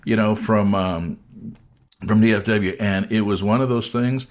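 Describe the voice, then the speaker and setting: Low-voiced man telling a story. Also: unhurried. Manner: animated storyteller acting out quoted voices. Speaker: host. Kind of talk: casual storytelling chat.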